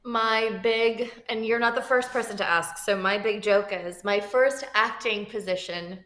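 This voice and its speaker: A woman in her thirties from Florida, an actor telling animated stories as an interview guest and acting out the people she quotes. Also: mid-range voice, a little slow. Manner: lively, expressive, acts out quoted people. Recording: roomy echo.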